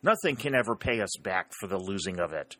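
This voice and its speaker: A man's voice: low voice, lively intonation, a little fast, fairly bright tone, dry recording. A man voicing an emphatic middle-aged Union colonel in a storybook reading. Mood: dismayed. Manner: emphatic, exclaiming.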